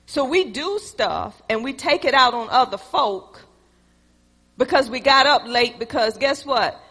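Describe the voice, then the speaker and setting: Husky woman preaching. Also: high voice, animated, unhurried, a bit bright, big-room sound. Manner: emphatic, conversational, playful. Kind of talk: sermon.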